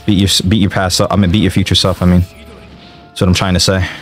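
A young man commenting on his own gameplay, excitable and slangy, often yelling and trash-talking the game as he plays. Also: low voice, fairly quick, faint music behind. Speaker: gaming streamer.

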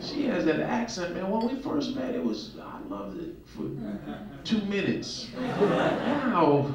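Animated male stand-up comic in a club. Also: high-pitched, measured pace, vocal fry. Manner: animated storytelling with mimicked voices. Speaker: stand-up comedian. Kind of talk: stand-up routine on stage. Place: comedy club stage. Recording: roomy club sound with loud crowd, mic at a distance.

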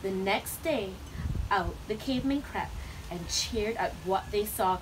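A woman reading picture books aloud to children, with expressive, animated storytelling. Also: mid-range voice, unhurried, a little hiss or hum, rough recording.

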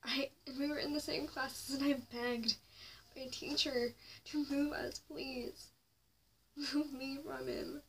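A young woman vlogs a personal story to camera in a slow, high voice with fairly even intonation. Her confessional telling often falls to a whisper and then rises sharply in anger. The audio carries faint noise from a mic set slightly back.

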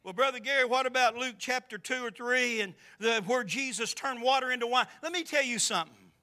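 High, bright-voiced preacher. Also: male voice, a little fast, few pauses. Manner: impassioned preaching with rhetorical questions. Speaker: pastor. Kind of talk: sermon. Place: church sanctuary.

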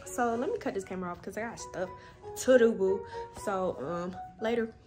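A woman's voice: medium pitch, moderate pace, music in the background. A young woman chatting casually to her viewers in a phone vlog from her bedroom, loose and slangy, swearing freely. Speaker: vlogger. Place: bedroom at home. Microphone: phone camera.

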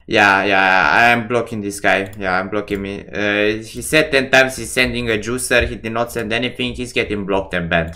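Bright-voiced man ranting while gambling. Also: fairly low pitch, normal speed. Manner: swearing, exasperated ranting. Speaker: streamer. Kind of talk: live-stream gambling commentary.

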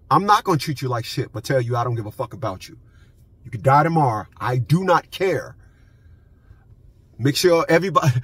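Man, husky slightly high voice, profane vlog rant from a parked car, hammering points home. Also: sing-song, a little fast, a bit bright, no echo. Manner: profane, emphatic, repeats his points. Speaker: vlogger. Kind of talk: unscripted ranting vlog.

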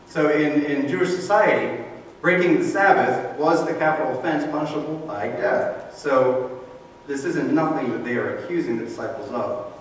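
A man preaching a sermon in a relaxed, conversational way, explaining scripture and briefly acting out the people he quotes. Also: on the high side. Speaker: pastor. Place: church sanctuary. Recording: roomy echo from a distant mic with faint noise.

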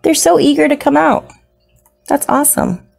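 A woman's voice: high voice, steady tone, moderate pace, vocal fry, darkish tone, faint music behind. A woman narrating a casual unboxing of her new pets, gushing and slipping into baby talk. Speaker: isopod hobbyist vlogger.

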